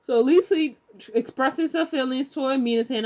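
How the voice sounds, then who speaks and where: A woman's voice: a little high, normal speed, a little mellow, lo-fi sound. A woman giving a casual, rambling recap of a TV episode, full of fillers and restarts, now and then acting out the characters' lines. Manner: chatty and candid, acts out characters' lines. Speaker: TV show recap reviewer.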